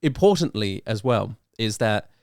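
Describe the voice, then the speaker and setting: A man's voice: lowish voice, animated, moderate pace, dry recording, clean studio sound. A British man, a guest rapper in a casual podcast chat, who explains things step by step and thinks aloud with hesitant fillers. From United Kingdom.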